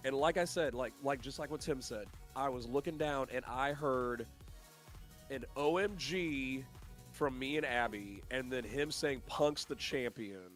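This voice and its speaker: Excitable stuffy-nosed male podcast co-host. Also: medium pitch, moderate pace, soft background music. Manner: excitable, animated storytelling. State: stuffy sinuses. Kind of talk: casual chat.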